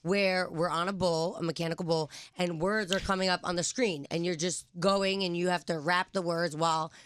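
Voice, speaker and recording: A young woman chatting quickly and cheerfully as a guest in a radio studio interview. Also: lowish voice, fairly even intonation, clear, resonant tone. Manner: chatty and quick, laughs easily. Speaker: guest rapper. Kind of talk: casual interview chat.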